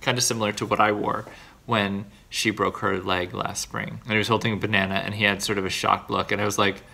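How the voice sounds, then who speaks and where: A man's voice: on the low side, level tone, fairly quick, vocal fry, pushed and bright. A man talking to the camera in a confessional video diary, earnest and self-deprecating, rambling through his thoughts with restarts. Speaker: vlogger.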